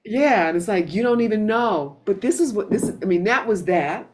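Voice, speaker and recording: A woman hosting a spiritual gathering, telling stories in a casual, animated way, with frequent restarts and some swearing. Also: medium pitch, moderate pace. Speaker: satsang host.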